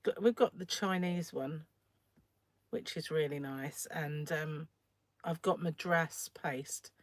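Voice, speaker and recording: Croaky, chatty woman on a phone livestream. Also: low voice, slow pace, no room sound. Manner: chatty and rambling, often trails off. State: croaky, keeps clearing throat. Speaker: crochet livestream host. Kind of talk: casual livestream chat while crocheting.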